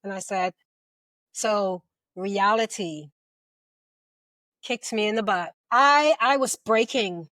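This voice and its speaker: A woman's voice: mid-range voice, slow, long pauses. A middle-aged woman with a mid-range voice recounts her experience as an interview guest. She tells it vividly and jumps into the voices of the people she quotes. The sound is dry and close, with no room echo. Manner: animated retelling, acting out quoted voices. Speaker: guest, police officer. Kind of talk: storytelling in an interview.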